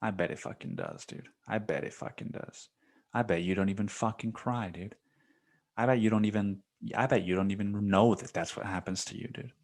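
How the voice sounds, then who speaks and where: A young man hosting a solo podcast, talking in a rambling, profane, confessional way, full of "dude" and "man," swinging between loud bursts and near-whispers. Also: on the low side. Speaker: podcast host.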